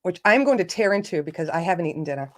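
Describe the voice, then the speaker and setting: A woman's voice: on the low side, lively intonation, rapid-fire. Chatty woman hosting a live stream. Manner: chatty and self-joking, laughs often; greets viewers by name. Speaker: livestream host. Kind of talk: casual live-stream chat.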